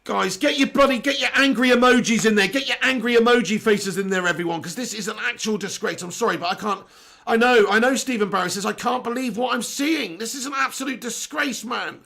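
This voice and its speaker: A high-pitched, bright young man rants through a live football watch-along with his voice strained and sore. His tone is gravelly and husky, and he keeps circling back to the same complaint in exasperation. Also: brisk. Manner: ranting, exasperated, repeats himself.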